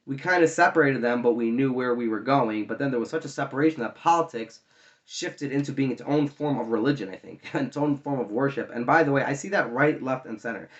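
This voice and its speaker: A man's voice: mid-range voice, dull audio. Argumentative man, casual monologue. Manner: conversational, argumentative, many fillers and restarts. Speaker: online commentator.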